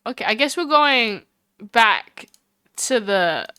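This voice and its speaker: A woman's voice: a little high, big pitch swings, slow pace, pushed and bright, clear, resonant tone, no room sound, studio quality. A woman streamer chatting casually and rambling with self-mocking asides while playing a game.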